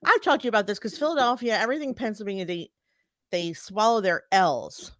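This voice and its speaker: A woman's voice: medium pitch, fast talker, fairly bright tone, dry recording, clean studio sound. A woman with a US East Coast accent, co-hosting a podcast in casual chat and explaining things with examples. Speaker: podcast co-host.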